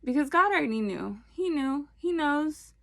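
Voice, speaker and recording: Woman, fairly high voice, casual faith talk, phone recording, animated, preachy, slangy. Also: moderate pace, gravelly. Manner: animated, preachy, colloquial with playful asides. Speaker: faith video host.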